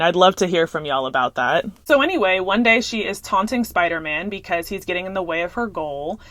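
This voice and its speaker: A woman's voice: on the low side, a bit bright, dry recording. A young woman in a casual vlog, chatting through a movie plot and calling her viewers y'all. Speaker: movie reviewer.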